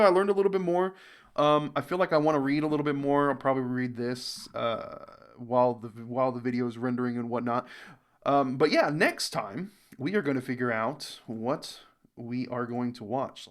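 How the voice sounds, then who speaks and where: An American man hosting a reaction video, reading viewer comments and thinking aloud in a casual, unhurried way with fillers. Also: mid-range voice. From United States. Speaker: reaction channel host.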